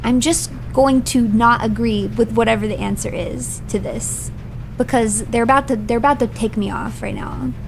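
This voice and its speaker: Reading game hints aloud during a live stream, a female virtual streamer then rants in playful mock outrage, repeating phrases for laughs. Her voice is fairly high and creaky with fairly even intonation, at a moderate pace over background noise.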